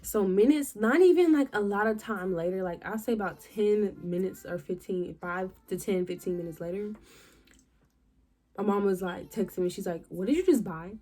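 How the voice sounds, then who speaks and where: A woman's voice: mid-range voice, normal speed, soft background music. A young woman vlogger telling a casual storytime in slangy talk, acting out what she said back then. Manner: animated, slangy, acts out her own past lines.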